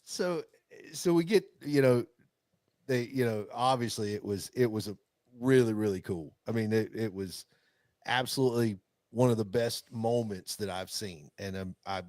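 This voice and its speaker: A man's voice: lowish voice, normal speed, dry recording. A man co-hosting a podcast, rambling through a hunting story with lots of restarts and chuckles. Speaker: podcast co-host. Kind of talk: casual chat.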